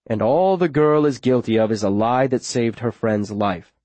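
A man voicing a stern middle-aged town leader who speaks in a measured, grave way. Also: medium pitch, darkish tone, no room sound, close to an everyday voice.

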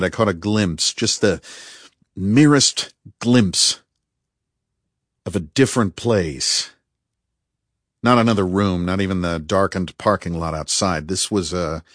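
A man reading a first-person story aloud in a measured, tense storytelling manner, close to the microphone. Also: sits low, fairly bright tone, no echo. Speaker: audiobook narrator. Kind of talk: first-person fiction narration.

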